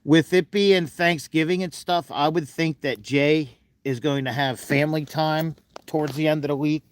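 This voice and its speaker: A man's voice: on the high side, fairly even intonation, moderate pace, no echo. A man hosting a casual livestream, talking in a folksy, chatty way and fussing affectionately over an animal. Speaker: livestream host.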